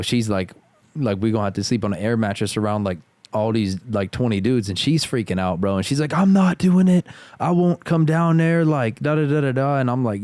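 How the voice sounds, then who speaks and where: A young man in his twenties sits in as a podcast guest, his voice on the low side. He recounts events in a relaxed, slang-heavy way. The sound is close-miked and dry. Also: dry recording. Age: 20s. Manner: laid-back slangy storytelling, says "bro" constantly. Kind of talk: casual podcast chat.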